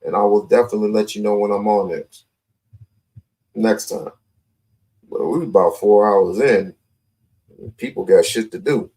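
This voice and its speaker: A man's voice: on the low side, moderate pace, pauses often, mellow. A man hosting a live call-in stream, talking confrontationally and repeating his points. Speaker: livestream host.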